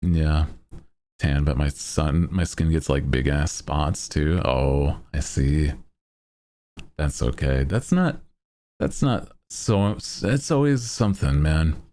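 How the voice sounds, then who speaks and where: Deep-voiced, playful male streamer. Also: animated, takes it slowly, dark tone. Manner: playful, self-mocking, laughs often. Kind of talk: casual chat.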